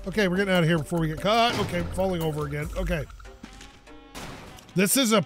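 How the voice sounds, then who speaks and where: High-pitched excitable man narrating a game. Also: fast, music in the background. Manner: excitable and jokey, yelps and rambles. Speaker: gaming YouTuber. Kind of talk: let's play commentary.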